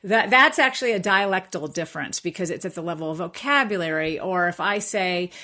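A woman professor of linguistics explaining speech differences in a radio interview, measured and thoughtful with frequent fillers and restarts. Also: lowish voice, animated, pushed and bright.

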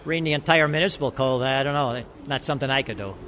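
A man's voice: mid-range voice, fast, a bit bright. A man with a thick Chicago accent, a city alderman giving blunt, offhand comments.

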